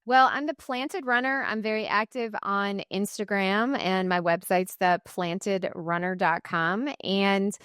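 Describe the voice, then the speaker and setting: Smooth-voiced woman guest coach. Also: medium pitch, unhurried, few pauses, no room sound, studio quality. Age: 40s. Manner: lively, laughs often, acts out quoted voices. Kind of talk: casual interview talk.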